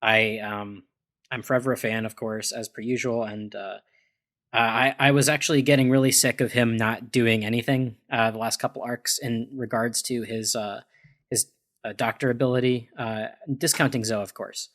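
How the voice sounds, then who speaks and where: A man's voice: medium pitch, fairly even intonation, moderate pace, a bit bright. A man on a casual discussion podcast, thinking aloud with many fillers and restarts. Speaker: podcast panelist.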